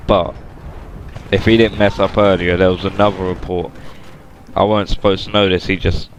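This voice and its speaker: Male vlogger, deep and monotone, plain slang, noisy background. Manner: flat, matter-of-fact retelling with plain slang. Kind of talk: casual storytelling to camera.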